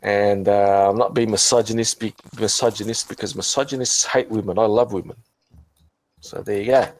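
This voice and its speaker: A low-voiced man talks casually on a call, clearly drunk. He rambles, restarts his sentences and swears freely. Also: fairly even intonation, normal speed, poor audio. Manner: rambling, stumbling, many restarts and profanity. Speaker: channel host. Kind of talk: casual chat on a group voice call.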